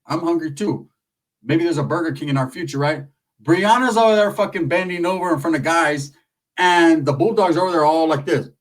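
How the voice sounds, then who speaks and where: A male comedian rambles through a crude comic story, loud and full of street slang. His voice sits slightly high for a man. He keeps talking at a fast, casual clip. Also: recorded from a distance. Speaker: stand-up comedian.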